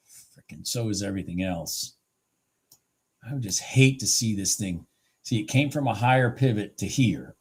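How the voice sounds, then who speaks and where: A man's voice: lowish voice, darkish tone, breathy edge. A man giving live trading commentary, muttering in frustration and urging the market on as he watches his charts. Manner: urges the market on with repeated pleas. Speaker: futures trader streaming live.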